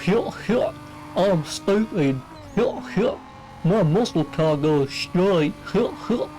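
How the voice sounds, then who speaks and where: A man's voice: expressive, slow, dark tone, faint music behind, low-quality recording. An Englishman putting on a dopey American guy. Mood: mocking. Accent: American (put on). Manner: high, chanting, dopey. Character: dim-witted boastful American man, mocking caricature.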